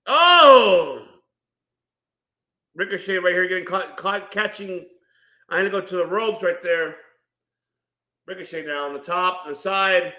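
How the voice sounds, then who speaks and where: A man hosting a live wrestling watch-along stream, calling the action excitedly and bursting into loud reactions while greeting chat viewers. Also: high voice, a little slow, pauses often. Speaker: watch-party stream host. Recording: roomy echo.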